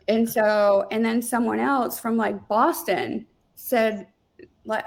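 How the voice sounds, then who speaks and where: A woman telling stories as an interview guest in a chatty, animated way, with lots of fillers. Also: a little high, measured pace, vocal fry. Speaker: guest, real estate team leader. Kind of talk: casual interview storytelling.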